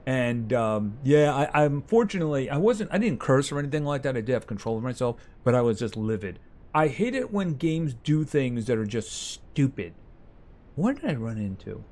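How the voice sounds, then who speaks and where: A man's voice: medium pitch, very animated, normal speed, a little mellow. A man streaming a farming game live, chatting casually with his viewers as he plays. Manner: chatty, talks to game animals and reads chat aloud.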